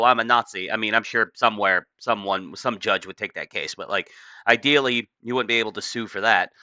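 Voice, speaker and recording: Casting: male commentator, offhand and rambling, bright forceful tone, dull dry lo-fi recording. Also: fairly low pitch, dry recording. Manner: offhand, rambling, many fillers. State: just woken up. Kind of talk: casual commentary reading a news article aloud.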